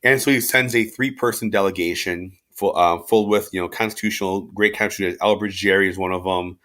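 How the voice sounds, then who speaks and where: Casual low-voiced male history teacher. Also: steady tone, brisk, a bit bright. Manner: casual, conversational, frequent fillers and asides. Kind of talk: informal lecture.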